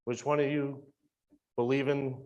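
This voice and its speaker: A man's voice: mid-range voice, level tone, measured pace, darkish tone, highs cut off. A man asking the board confrontational questions during public comment at a school board meeting. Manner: confrontational, questioning, with fillers and restarts.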